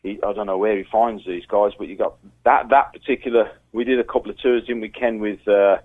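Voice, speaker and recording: A man's voice: on the low side, brisk. A man telling road stories as a guest, acting out quotes and voices as he goes. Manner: animated storyteller, acts out quotes with a raised voice. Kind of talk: casual storytelling chat. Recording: tinny phone line.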